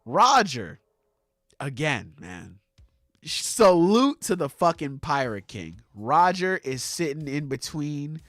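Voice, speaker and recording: A man co-hosting a podcast, recapping a manga chapter in casual chat, swearing freely and acting out the characters in quick voices. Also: fairly high pitch, sing-song, fairly bright tone, no echo, clean studio sound. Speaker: podcast co-host.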